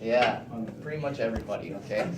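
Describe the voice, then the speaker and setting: A man's voice: lowish voice, quick pace. Teenage boy presenting in an echoey classroom. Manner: animated, keeps checking in with "okay?". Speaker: student presenter. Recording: echoey room, distant mic, noisy.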